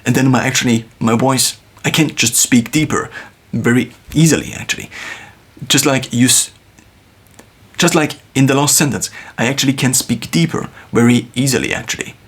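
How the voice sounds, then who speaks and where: A man thinking aloud in a reflective solo monologue, musing with pauses and restarts, recorded on a phone. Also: medium pitch, breathy edge. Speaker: video creator.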